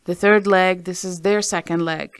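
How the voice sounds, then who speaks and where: A guest in a casual conversation who talks hesitantly, with many pauses and fillers. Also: medium pitch, steady tone, clean tone, no room sound.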